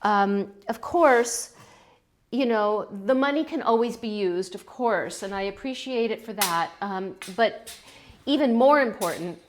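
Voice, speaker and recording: A woman's voice: mid-range voice, measured pace, a little hiss or hum. A middle-aged woman hosting a pottery channel, chatting casually as she unloads a kiln, gushing with gasps and little exclamations. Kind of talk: casual kiln-opening vlog chat.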